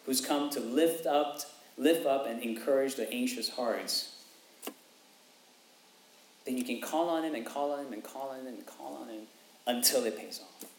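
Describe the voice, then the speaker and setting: Male preacher, 30s to 40s, mid pitch, animated and repetitive, echoey room. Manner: animated, repeats phrases for emphasis, acts out quotes. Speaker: pastor. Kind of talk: sermon. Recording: echoey room, faint ambience.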